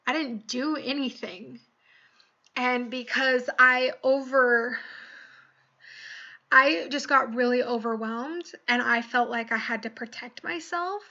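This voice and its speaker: A young woman tells a personal story in an earnest, animated way, with a high, bright and forceful voice. The recording is dull and lo-fi. She keeps the tone of talking straight to a camera. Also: slow pace. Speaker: vlogger.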